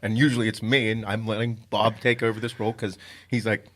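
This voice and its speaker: A man's voice: fairly low pitch, little pitch movement, brisk, a bit bright. A man hosting a podcast, telling stories in an intense, profane, casual way. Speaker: podcast host.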